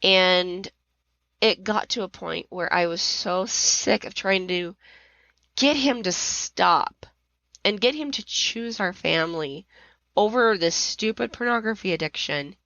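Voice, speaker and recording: A middle-aged podcast host tells a personal story with strong emotion, her voice rising to near-shouting as she relives her anger. She speaks slowly in a mid-range voice. The audio is dull, with no echo.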